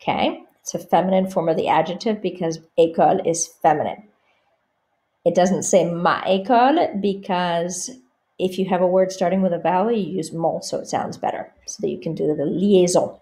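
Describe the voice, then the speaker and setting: A woman teaching French pronunciation over slides. She says each example phrase slowly and clearly, then explains it more quietly. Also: on the low side.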